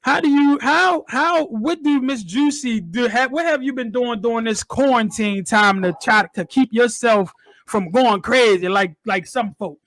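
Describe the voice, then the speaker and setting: Man, high pitch, enthusiastic host, casual chat, dry close recording. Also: a little slow, a bit bright, no echo. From Maryland. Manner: enthusiastic, repeats words when starting questions. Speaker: interview host.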